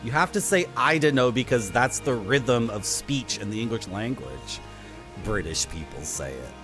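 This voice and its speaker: A man streaming a game, ranting in a casual, animated way and greeting his chat. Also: fairly low pitch, normal speed. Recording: faint music behind.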